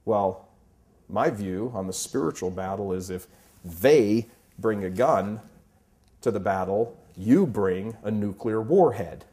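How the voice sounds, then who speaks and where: A man's voice: on the low side, expressive, takes it slowly, mellow. A man in his fifties giving an emphatic Catholic talk full of stories. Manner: emphatic, impassioned, storytelling. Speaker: Catholic speaker. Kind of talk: preaching talk with anecdotes.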